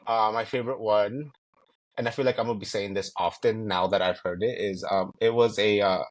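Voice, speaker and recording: A man's voice: lowish voice, fairly even intonation, fairly quick. A man co-hosting a podcast, giving blunt, shady opinions and swearing freely. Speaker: podcast co-host. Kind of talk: casual chat recapping a reality show.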